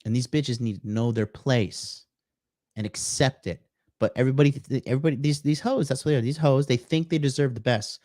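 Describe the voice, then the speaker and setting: A man hosts a live reaction stream with a middle-pitched voice. He rants in a crude, aggressive way between reading comments and greeting viewers, and his voice is recorded dry and close. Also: fairly quick, a little mellow, dry recording. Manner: profane, ranting, aggressive. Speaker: streamer host.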